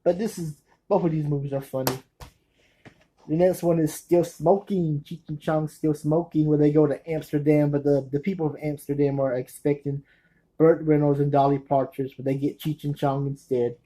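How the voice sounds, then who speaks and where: A man with a mellow, darkish voice chats about his film collection. His talk is nervous and meandering, full of restarts and quick corrections as he searches for the right word. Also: on the high side, steady tone, low-quality recording. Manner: nervous, rambling, often correcting himself. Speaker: movie collector reviewing his films. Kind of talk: casual spoken review.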